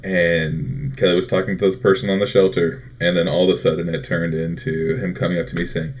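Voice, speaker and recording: Man w a really deep voice chatting on a live show, acts out quotes, kinda muffled lo-fi sound. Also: fairly quick. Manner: animated storyteller, acts out quotes. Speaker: co-host. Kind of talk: casual chat. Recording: dull lo-fi audio.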